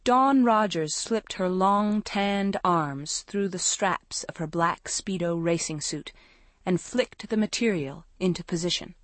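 A woman narrating a young-adult novel in a measured storytelling voice. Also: fairly low pitch, no room sound. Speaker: audiobook narrator. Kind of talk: scripted narration.

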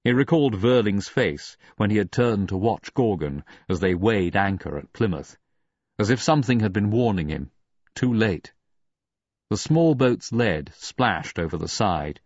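A man narrating an audiobook in a dramatic, expressive reading. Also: fairly low pitch, unhurried, slightly rough, no room sound, highs cut off. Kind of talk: scripted narration.

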